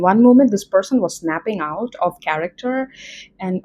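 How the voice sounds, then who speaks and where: A woman's voice: medium pitch, animated, normal speed, warm tone, muffled recording. A woman with an Indian accent doing a casual tarot reading, chatty and rambling with many fillers. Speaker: tarot reader.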